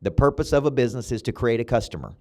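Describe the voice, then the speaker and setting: A middle-aged man with a Southern US accent giving a motivational podcast monologue, punchy and emphatic with a preacher-like cadence and sudden loud peaks. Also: mid-range voice, animated, very fast. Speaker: motivational coach and podcast host. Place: his own podcast studio building.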